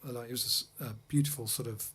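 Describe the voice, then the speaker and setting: Brief: male host from England, mid-pitched, chatty and self-deprecating, telling anecdotes between tunes in a studio. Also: fairly even intonation, very fast, darkish tone, husky. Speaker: host and jazz pianist-singer. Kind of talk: casual chat between songs on a livestream. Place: music studio.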